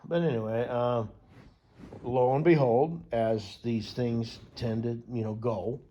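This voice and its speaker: A man's voice: mid-range voice, steady tone, takes it slowly, mellow, lo-fi sound. A young American man telling a rambling, profane story with lots of fillers and restarts. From United States. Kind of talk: casual rambling monologue.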